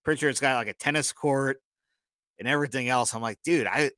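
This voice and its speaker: A man's voice: medium pitch, quick pace, sharp tone, no echo. A man co-hosting a podcast, telling rambling stories in casual chat and often apologizing for his own jokes. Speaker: podcast co-host.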